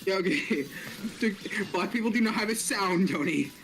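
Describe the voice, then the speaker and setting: A man's voice: sits high, animated, normal speed, a bit bright. A man joining a game stream as a guest, chatting casually and laughing a lot, repeating himself for emphasis. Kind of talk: casual gaming stream chat. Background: faint game music.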